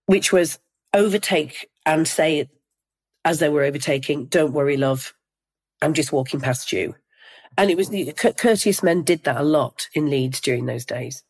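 An older woman from Northeast England, slowly recounting a personal memory in an interview, reflective and measured with pauses and restarts. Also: low voice, a little mellow.

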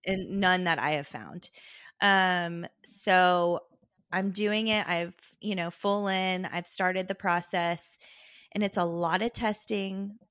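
A young woman, co-hosting a podcast and telling a story in casual chat, quoting people in lively voices and laughing often. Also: lowish voice, slow, no room sound, clean studio sound. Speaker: podcast co-host.

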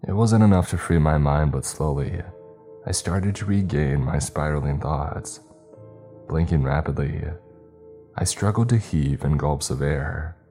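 Very deep-voiced male storyteller. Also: mellow. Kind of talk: first-person story narration.

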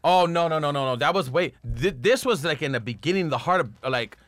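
Profane, animated man telling a story. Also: a little high, fairly quick, no echo. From Los Angeles. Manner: profane, street slang, animated retelling. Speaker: pro skateboarder guest. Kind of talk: casual storytelling.

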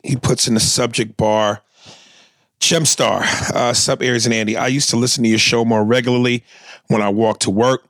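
A man reads listener emails on a podcast, his mid-range voice rough with gravel. He is wry and casual, tripping over phrases and correcting himself as he goes. The sound is dry and close to the mic. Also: medium pitch, a bit bright, no room sound. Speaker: podcast co-host. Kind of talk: casual chat, reading listener emails aloud.

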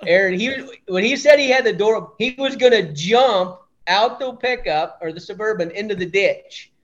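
A man's voice: high-pitched, moderate pace. A man from Iowa, a hunting outfitter guest, talking in a laid-back, plainspoken way. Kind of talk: casual chat. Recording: dull lo-fi audio.

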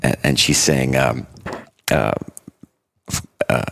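A man in casual chat, telling stories with frequent laughter and quick impressions of the people he describes. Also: a bass voice, creaky, a bit bright. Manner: storytelling, laughs often, imitates people he quotes.

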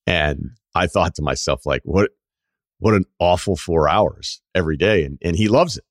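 A man from the Boston area hosting a podcast, telling stories in a casual, animated way, acting out quotes and swearing freely. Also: sits low, brisk, no room sound, clean studio sound. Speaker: podcast host and longtime radio host. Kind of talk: casual storytelling chat.

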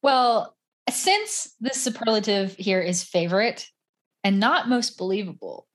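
Chatty woman telling animated stories. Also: mid-range voice, measured pace. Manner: chatty, animated storytelling with many fillers. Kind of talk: casual chat.

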